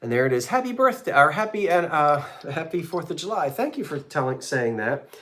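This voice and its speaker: A man's voice: fairly high pitch, lively intonation, moderate pace, fairly bright tone. A man selling antiques in a live online auction, describing each item in a chatty, rambling way with homey jokes and asides. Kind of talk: casual live sale presentation.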